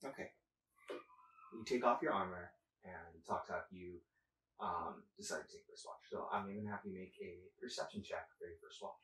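A man narrating as game master, halting with many fillers. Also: sits low, bright, forceful tone, a little hiss or hum. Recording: echoey room, distant mic.

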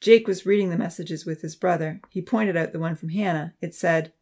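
A man narrating a Christian youth novel in a steady, clear storytelling voice. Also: fairly high pitch, brisk, hardly any pauses. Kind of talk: audiobook narration.

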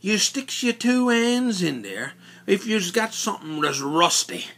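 A man's voice: high-pitched, sing-song, a little slow, a bit bright, voice pushed up, heavily acted. A man voicing his plainspoken male neighbor, explaining things bluntly.

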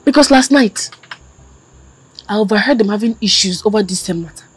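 An actress with a Nigerian accent playing an insistent, earnest young daughter. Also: female voice, mid-range voice, fairly quick, husky, close to an everyday voice, poor audio. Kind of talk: Nollywood drama acting.

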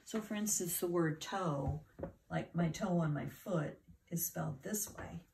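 Middle-aged woman teacher, low gravelly voice, slow and patient phonics delivery for kids. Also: darkish tone, a little hiss or hum. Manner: patient, encouraging, spells words out letter by letter. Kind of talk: phonics lesson for children.

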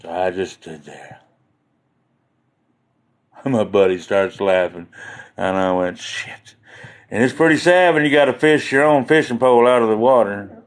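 A man's voice: fairly low pitch, normal speed, long pauses, low-quality recording. A man hosting a casual livestream, rambling from one joke to the next and chuckling often at his own stories. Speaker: livestream host.

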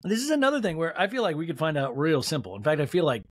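Sardonic guy rambling through a recap on his podcast, kinda high voice, super dry close mic. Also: very animated, fast talker, slightly rough, no room sound. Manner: sardonic, profane, rambling storyteller. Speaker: podcast host.

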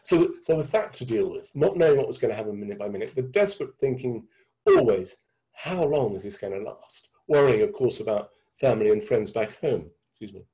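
An English man in his sixties telling his story thoughtfully over a video call, halting with many restarts. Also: medium pitch, sing-song, vocal fry, warm tone, low-quality recording. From England. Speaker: guest speaker. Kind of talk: reflective storytelling talk. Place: indoor room with a door behind.

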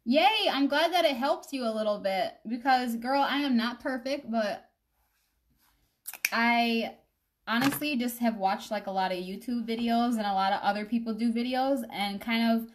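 A woman's voice: on the high side, moderate pace. A young woman chatting casually on a live makeup stream, rambling and addressing her viewers directly. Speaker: makeup vlogger.

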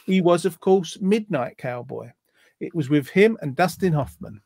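A man's voice: fairly high pitch, lively intonation, moderate pace, vocal fry, darkish tone, no room sound. Male host, light-voiced, dry, rambling and jokey. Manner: jokey, rambling, lots of ums. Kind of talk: casual quiz chat reading viewer comments.

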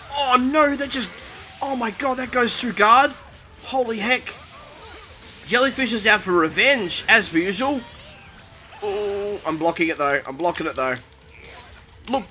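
A man giving live commentary over his own fighting-game match, excitable and quick to exclaim in alarm and poke fun at himself. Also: high-pitched. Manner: excitable, panicky exclamations and self-mocking. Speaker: gaming commentator.

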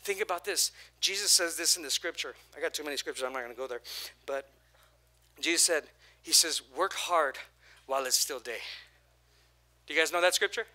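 A man preaching a sermon as pastor, energetic, with repeated phrases and call-and-response, his voice prone to going hoarse. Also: a little high, a little fast, long pauses.

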